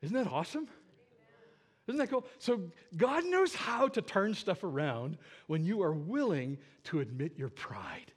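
A man preaching in church, telling a personal story in an earnest way that moves between loud moments and hushed ones. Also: high voice, big pitch swings, measured pace, slightly rough. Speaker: pastor. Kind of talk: sermon storytelling.

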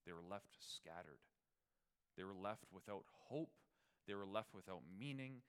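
A man preaching a Christmas sermon, moving from quiet, conversational reflection to loud, ringing proclamation. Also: lowish voice, lively intonation, moderate pace, smooth. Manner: swings from hushed reflection to loud, soaring proclamation; conversational asides, fillers and restarts.

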